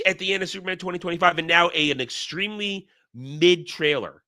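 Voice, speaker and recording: A man's voice: sits high, brisk, bright, forceful tone. A man hosting his own commentary channel, ranting bluntly and crudely in casual talk, with many restarts and mocking quotes. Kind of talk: casual opinion rant.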